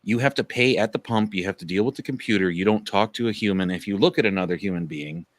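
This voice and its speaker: A man's voice: on the low side, quick pace, a little hiss or hum. A man from Canada, talking emphatically in a casual live chat.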